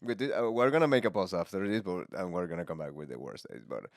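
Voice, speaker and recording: Low-voiced man hosting casual podcast chat. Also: fast talker, no echo, clean studio sound. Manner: swearing, laughing, joking banter. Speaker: podcast host.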